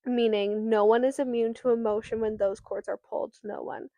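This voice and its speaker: This woman co-hosts a podcast and recaps a novel's plot in a relaxed book chat, dropping fillers and some swearing. Her voice is a little high, creaky, and dark, with a steady tone at a moderate pace and no echo.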